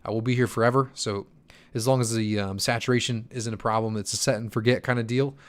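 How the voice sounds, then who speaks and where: A young man in his twenties, tired from poor sleep, hosts a crypto channel and answers chat questions on a casual livestream. He talks fast in a mid-range voice with fairly even intonation, his speech loose and chatty, full of fillers and stumbling restarts.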